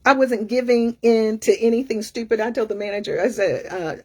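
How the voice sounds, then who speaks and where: Sassy, husky woman telling a story. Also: a little high, brisk. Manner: animated, sassy, acts out other people's lines. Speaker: career coach. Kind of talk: casual storytelling.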